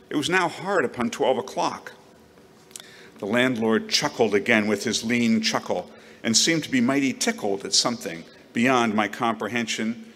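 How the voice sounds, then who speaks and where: A man giving an expressive dramatic reading of a novel, recorded in a reverberant hall. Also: mid-range voice, normal speed. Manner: expressive, acts out the narrator's outbursts. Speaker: reader.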